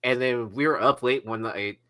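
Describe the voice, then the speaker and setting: A man co-hosts a podcast with jokes and stories. His mid-pitched voice is bright and sharp. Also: normal speed. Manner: joking, storytelling banter. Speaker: podcast co-host. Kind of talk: casual chat.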